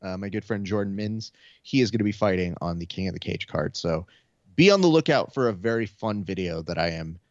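A man with a lowish voice chats casually on a podcast. He tells profane stories and slips into quoted voices of friends. The audio sounds dry and dull. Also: animated, fairly quick, no room sound. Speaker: podcast co-host. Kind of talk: casual chat.

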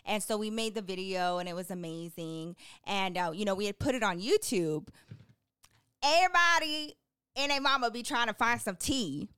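A young adult woman co-hosting a podcast, telling stories in lively casual chat and acting out what others said. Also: mid-range voice, moderate pace, smooth, no echo, studio quality. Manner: animated storytelling, acts out quotes. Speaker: podcast co-host.

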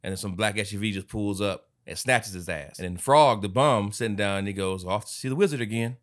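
A man's voice: on the low side, a little fast. A man co-hosting a podcast, casually retelling a film's scenes and acting out the characters' lines. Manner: animated retelling with acted-out character quotes. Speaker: podcast co-host. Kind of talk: casual movie review chat.

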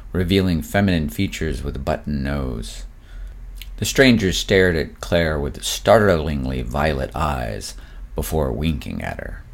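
Man, extremely low bass voice, scripted story narration, measured, dramatic.

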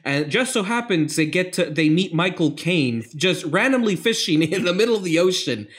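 A man's voice: high-pitched, expressive, moderate pace, fairly bright tone. A young man co-hosting a casual film review podcast, rambling through the plot with swearing and frequent laughter. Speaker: podcast co-host.

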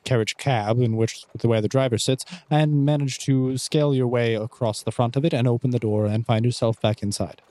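A young man at mid pitch running a tabletop game, narrating events and voicing characters in a relaxed, friendly, hesitant manner. The sound is dry and close. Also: moderate pace, hardly any pauses, no echo. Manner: easygoing, friendly, hesitant with ums. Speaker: game master.

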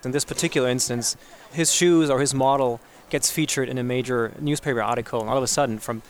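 A man hosting a business radio show, explaining points in a measured, conversational way. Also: mid-range voice, steady tone. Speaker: podcast host.

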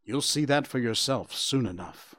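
A man voicing a calm, patient mother deer who answers in short, reassuring replies. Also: medium pitch, moderate pace, natural voice.

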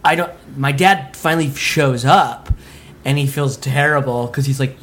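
A man from Utah telling a story on a comedy podcast, animated, laughing and swearing freely. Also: mid-range voice, moderate pace, a little hiss or hum. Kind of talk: casual storytelling.

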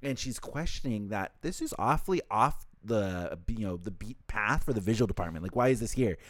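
A man's voice: lowish voice, brisk, dry recording. A young man co-hosting a podcast, recapping a story in casual chat and acting out the lines. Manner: animated storyteller who acts out quotes. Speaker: podcast co-host.

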